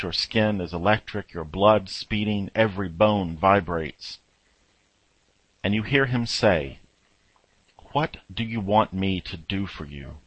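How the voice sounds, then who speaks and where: A man delivering a reflective sermon at a very slow, deliberate pace, leaning on long pauses between phrases. His voice sits on the lower side and is recorded dry and close, with no room sound around it. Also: a bit bright, dry recording, poor audio. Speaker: preacher. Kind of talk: reflective sermon in guided second-person imagery.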